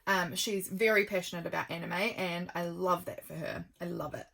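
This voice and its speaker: A woman vlogger chatting through a journal flip-through, rambling and affectionate, with many ums and quiet trailing asides. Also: on the low side, steady tone, normal speed, creaky.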